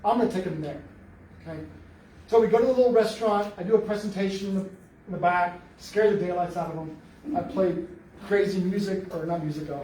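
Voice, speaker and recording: In a library meeting room, a high-voiced man who researches Bigfoot gives a talk, telling an animated, joking story and acting out what people said. The mic sits at a distance in a roomy hall, picking up faint noise.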